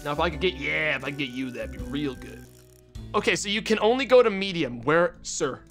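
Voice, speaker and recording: A man streaming a fishing game, chatting to his viewers, swearing and shouting in frustration and excitement. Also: fairly high pitch, brisk, faint music behind. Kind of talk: gaming livestream commentary.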